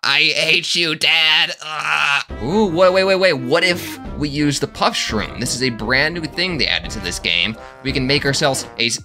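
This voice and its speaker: Excitable joking gaming YouTuber. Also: male voice, medium pitch, normal speed, few pauses, faint music behind. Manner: excitable, joking, often laughing. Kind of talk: let's-play commentary.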